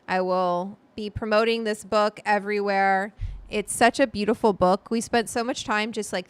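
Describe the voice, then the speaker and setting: A woman's voice: mid-range voice, a bit bright, clean tone, no room sound. A middle-aged woman hosting a casual livestream from home, chatting and reading viewer comments in a rambling, loose way with casual swearing. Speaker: livestream host, cannabis cook. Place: home room. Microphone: studio mic at desk.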